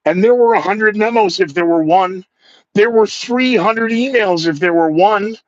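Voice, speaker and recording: A man's voice: high voice, moderate pace, no room sound. A man hosting his podcast in a casual monologue, a former radio DJ with a sore throat, self-mocking and acting out the people he quotes. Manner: animated, acts out quoted coworkers, self-mocking. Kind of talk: casual monologue with news headlines. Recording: dull lo-fi, dry close sound.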